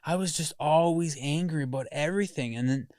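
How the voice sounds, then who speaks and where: A man's voice: a little high, a little fast, darkish tone, dry recording, clean studio sound. A man speaking candidly and emotionally as a podcast guest, swearing freely as he talks about his past. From Greek heritage family. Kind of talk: candid conversation.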